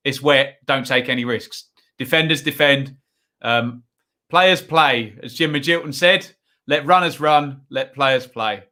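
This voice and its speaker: Man, football watchalong host, bright forceful voice, fairly high, chatty rambling commentary, lots of asides.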